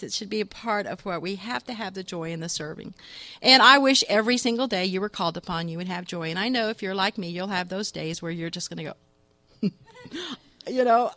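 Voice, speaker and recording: A grandmother in her fifties giving a lively, chatty sermon with humorous stories, often breaking into laughter. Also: medium pitch, fairly quick, no room sound. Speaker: church speaker.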